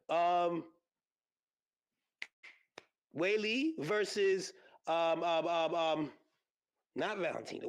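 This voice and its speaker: A man hosting a podcast, chatting casually and rambling with lots of fillers and excited exclamations. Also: sits high. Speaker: podcast host. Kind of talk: casual solo podcast chat about combat sports. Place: podcast studio.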